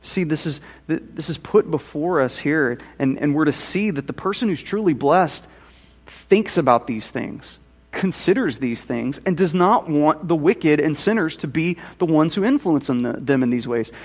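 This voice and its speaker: A man's voice: a little high, lively intonation, normal speed. A man preaching a sermon, who often repeats words and asks probing questions. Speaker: pastor.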